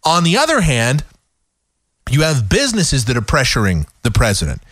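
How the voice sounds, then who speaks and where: A man's voice: medium pitch, wildly swooping pitch, moderate pace, a bit bright, slightly rough, dry recording, clean studio sound. A man hosting a talk radio show, ranting sarcastically in an opinionated monologue. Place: radio studio.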